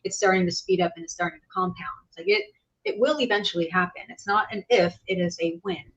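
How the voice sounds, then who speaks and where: A woman's voice: fairly low pitch, lively intonation, quick pace, fairly bright tone. Blunt woman host, slightly muffled audio. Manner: blunt, matter-of-fact commentary. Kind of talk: casual reaction chat.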